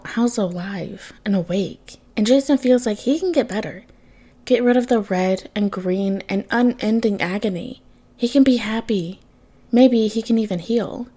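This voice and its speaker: Sex: woman. Role: podfic reader. Style: fan fiction read aloud. Tone: mellow, mid pitch.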